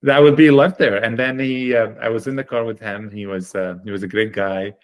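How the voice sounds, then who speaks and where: A man with a fairly low voice tells his story as a podcast guest. He talks in an earnest, animated way and leans on fillers while he gathers his thoughts. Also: fairly quick. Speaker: guest, chocolate company founder.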